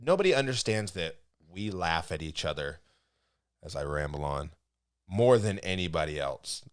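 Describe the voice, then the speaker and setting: A man with a low voice that swings widely up and down as he talks. He co-hosts a casual podcast and tells stories with frequent laughter. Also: normal speed, smooth. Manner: laughs often while telling stories, animated. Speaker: podcast co-host. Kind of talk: casual storytelling chat.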